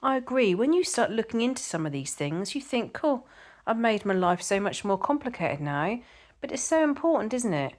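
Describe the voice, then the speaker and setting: A woman's voice: on the high side, very animated, moderate pace. A middle-aged woman from England chatting casually with viewers, reading out their comments and telling stories, often repeating herself. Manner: chatty, repeats words, tells anecdotes. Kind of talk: casual chat.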